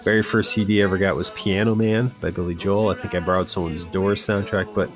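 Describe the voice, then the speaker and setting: Middle-aged dude, lowish voice, podcast chat, faint music in back. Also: male voice, fairly even intonation. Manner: curious, asks quick follow-up questions. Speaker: podcast co-host. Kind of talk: casual chat.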